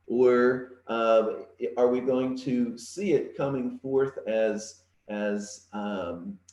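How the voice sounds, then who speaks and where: A middle-aged man, an interim minister, giving a gentle, reflective online sermon from his home, with frequent pauses and fillers. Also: medium pitch, echoey room, muffled recording. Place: home setup.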